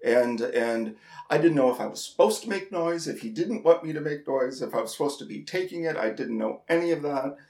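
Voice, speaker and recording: A man co-hosting a podcast, telling a story in casual chat, halting and repeating words, laughing at himself. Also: on the high side, lively intonation, a little mellow, reverberant. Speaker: podcast co-host.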